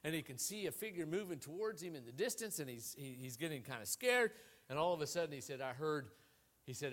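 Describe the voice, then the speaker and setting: A male preacher delivers a sermon, weaving in stories as he goes. His voice sits fairly high, and he talks animatedly, rising loud and dropping to quiet. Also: a little fast. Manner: animated, wide swings in pitch and volume. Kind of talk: sermon with storytelling.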